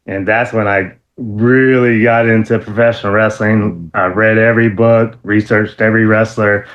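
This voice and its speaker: A man guest in an interview, telling stories in a casual, lively way, laughing often and full of fillers and restarts. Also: moderate pace, highs cut off. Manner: animated, acts out quotes in a high excited voice. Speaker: interview guest, former wrestler.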